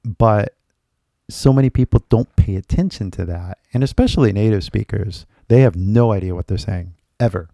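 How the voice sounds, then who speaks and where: During a live-stream English lesson, a male teacher with a slight American accent speaks in a loose, chatty way, filler-heavy with "like" and "right?", and mixes in Japanese from time to time. His fairly low voice sounds animated and mellow, with vocal fry and a moderate pace, in a dry, studio-quality recording.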